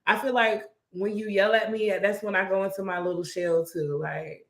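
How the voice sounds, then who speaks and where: A woman's voice: medium pitch, level tone, normal speed, a bit bright. A woman co-hosting a podcast, telling stories in a casual chat with lots of fillers. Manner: chatty storytelling with many fillers. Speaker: podcast co-host. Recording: roomy echo.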